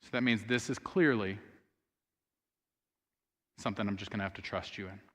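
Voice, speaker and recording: Long hall reverb surrounds a pastor preaching in a church sanctuary, where he earnestly recounts a story and speaks the sisters' words aloud. His voice is fairly low in pitch, fairly bright, and moves at a moderate pace.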